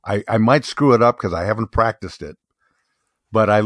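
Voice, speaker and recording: A man's voice: fairly low pitch, normal speed, no room sound, clean studio sound. A man co-hosting a comedy show, telling a long story joke in a meandering, self-correcting way. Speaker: podcast co-host telling a joke. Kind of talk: rambling comic storytelling. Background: music.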